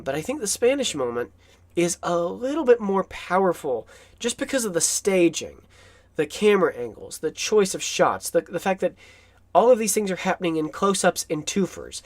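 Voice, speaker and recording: A man giving an enthusiastic, rambling film commentary, with asides and chuckles. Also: fairly high pitch.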